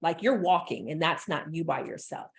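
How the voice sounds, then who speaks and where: A woman business coach giving an energetic motivational talk, repeating phrases for emphasis. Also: low voice, moderate pace, vocal fry.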